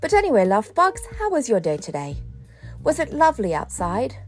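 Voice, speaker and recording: A middle-aged woman chats with a slightly high voice in a relaxed personal vlog and speaks straight to her viewers. She talks in a playful, self-mocking way. Soft music plays faintly behind her. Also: brisk. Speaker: vlogger. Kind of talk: chatty personal vlog monologue.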